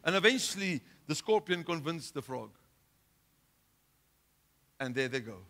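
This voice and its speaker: Emphatic, bright-voiced man preaching. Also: a little high, lively intonation, unhurried. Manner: emphatic preaching with rhetorical questions, swinging between loud and hushed. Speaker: pastor. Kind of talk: sermon.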